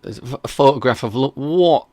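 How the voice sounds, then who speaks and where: A man's voice: mid-range voice, expressive, a little fast, a little mellow, no room sound. A man hosting a reaction stream, chatting casually and skeptically while reading out viewer comments. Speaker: reaction video host.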